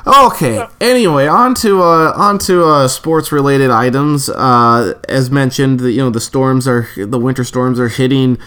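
Male podcast host, mid-pitched voice, relaxed, keeps the show moving. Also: measured pace, hardly any pauses, smooth. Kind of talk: casual sports podcast chat.

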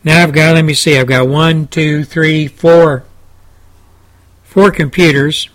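A man's voice: a little high, fairly even intonation, takes it slowly, a bit bright. A man hosting his own radio talk show, delivering a pleading political monologue full of rhetorical questions into a studio microphone. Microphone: studio microphone with headsets.

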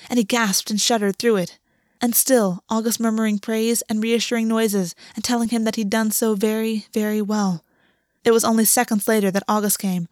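A woman narrating a story aloud in a measured, steady reading voice. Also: mid-range voice, dry recording, clean studio sound. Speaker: audiobook reader. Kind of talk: scripted fiction narration.

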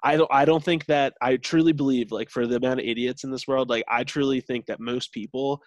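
A young man in casual podcast chat, talking in a middle-pitched voice that wanders through loose, earnest sentences. He leans on filler words constantly. The sound is dry and close, with no room around it. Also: fairly even intonation, brisk, dry recording. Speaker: podcast co-host.

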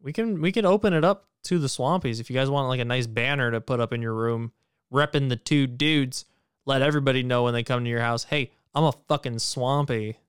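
A man's voice: medium pitch, a little fast, smooth, no room sound, studio quality. A man co-hosting a podcast in casual chat, joking and profane. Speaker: podcast co-host.

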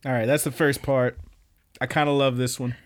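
A man's voice: mid-range voice, normal speed. A young man co-hosting a podcast, casually recapping anime episodes in a rambling, profane way. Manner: laid-back, rambling, profane, with animated quoted voices. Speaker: podcast co-host.

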